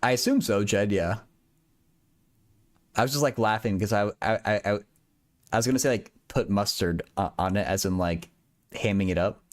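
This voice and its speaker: This livestream host is a young man who works through math and physics problems, speaking at a normal speed with a lowish voice and frequent pauses. Chatting casually with viewers about a physics problem, he rambles, makes fun of himself with giggles, and stammers through repeated words.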